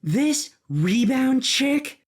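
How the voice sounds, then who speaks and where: A woman voicing Candace, a young werewolf girlfriend, with a breathy voice in a hobby audio drama. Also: sits high, sing-song, very slow, exaggerated voice. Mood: teasing.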